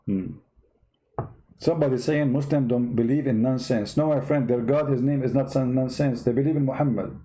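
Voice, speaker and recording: A man's voice: mid-range voice, fairly quick, dark tone, rough recording. A man from the Middle East hosting a religious debate video, giving a sarcastic, mocking comedic monologue.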